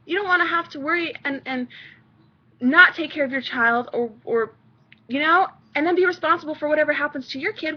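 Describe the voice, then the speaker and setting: High-voiced woman in a fed-up rant. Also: a little fast, dull audio. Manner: profane, exasperated ranting. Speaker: vlogger, mother. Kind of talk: ranting vlog monologue.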